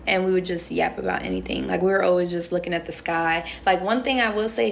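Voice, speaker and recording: A woman's voice: on the low side, creaky, slight background noise. A young woman chatting casually on a phone livestream, answering viewer comments with lots of "um" and "like" in a playful, rambling way. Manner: chatty and playful, heavy on fillers like "um" and "like". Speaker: reality show contestant on a livestream.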